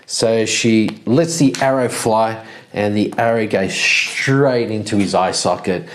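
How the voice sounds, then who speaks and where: Guy narrating his solo rpg, slow and rambling, counts squares out loud. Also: fairly low pitch. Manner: chuckling, rambling, counts moves aloud. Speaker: solo tabletop game player and narrator. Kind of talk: casual narration of a solo tabletop game.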